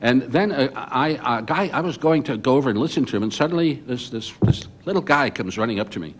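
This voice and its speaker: An older man on a journalists' panel, recounting his reporting memories as an animated storyteller who often restarts his sentences. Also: medium pitch, brisk, a little hiss or hum. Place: conference hall.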